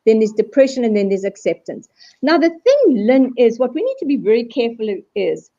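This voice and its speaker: Animated woman on a dull video call. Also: a little high, a little fast. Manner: animated, acts out quoted voices. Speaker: guest speaker on resilience. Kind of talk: live video call discussion.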